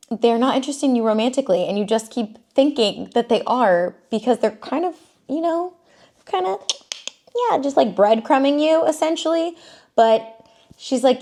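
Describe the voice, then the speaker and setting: Sassy, chatty young woman recapping. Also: mid-range voice. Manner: animated and sassy, mimics cast members in exaggerated voices. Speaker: reality TV recap host.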